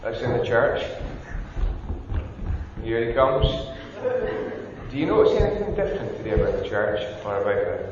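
A man's voice: mid-range voice, sing-song, moderate pace, pauses often, background noise. A man giving a playful children's talk in church, asking the children teasing, coaxing questions. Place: large church hall. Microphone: wireless handheld mic, heard from far off. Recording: echoey church hall from far off, dull.

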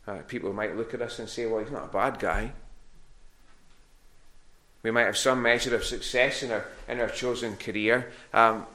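A man's voice: mid-range voice, bright, forceful tone. A man preaching a sermon to a congregation in a church hall. He speaks conversationally and often repeats words while he searches for the next one.

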